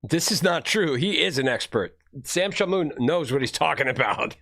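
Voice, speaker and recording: A man's voice: a little high, expressive, normal speed, vocal fry, sharp tone. A man streaming casual commentary on videos he watches, blunt, rambling and profane.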